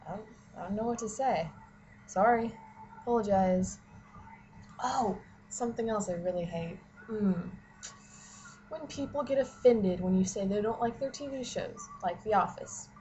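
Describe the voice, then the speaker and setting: A woman's voice: mid-range voice, normal speed, warm tone, dull audio, a little hiss or hum. Young female student vlogger, exasperated casual rant, profane, filler-heavy. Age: young adult. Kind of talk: casual ranting vlog.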